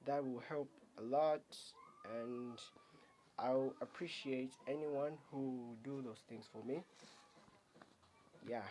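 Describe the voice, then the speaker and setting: Slow, mellow-voiced man rambling through a review. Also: mid-range voice, steady tone, slight background noise. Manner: rambling, halting, filler-heavy narration. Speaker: comic creator reviewing his own manga. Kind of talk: casual video commentary.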